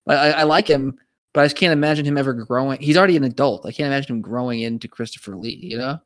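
A man co-hosting a casual podcast discussion, animated and talking in quick restarts and repeated words. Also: mid-range voice, no echo, studio quality. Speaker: podcast co-host.

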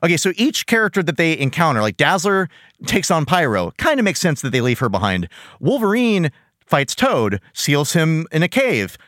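A man hosting a casual cartoon review podcast, animated and joking, laughing often. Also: a little high, normal speed, no echo, clean studio sound. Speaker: podcast host.

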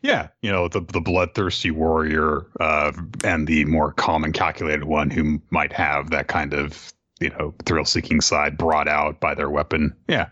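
A man co-hosting a podcast, recapping a show casually and in an animated way. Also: extremely low pitch, a little slow, hardly any pauses, no room sound, lo-fi sound. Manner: animated storyteller, laughs easily. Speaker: podcast co-host. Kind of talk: casual recap of an anime episode.

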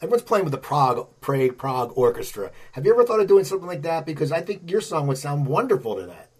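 A man's voice: fairly high pitch, sing-song, quick pace, breathy edge. A man interviewing a musician, asking chatty, eager questions.

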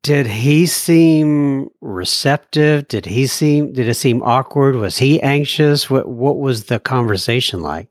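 A man's voice: mid-range voice, lively intonation, slow pace, hardly any pauses, dry recording, studio quality. Man asking short interview questions. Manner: brief prompting questions.

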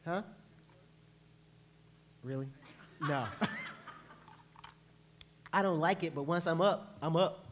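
A male pastor preaching a sermon, telling lively stories and acting out panicked voices. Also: a little high, slow pace, pauses often, background noise. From New York. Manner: animated storytelling, acts out panicked voices. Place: church.

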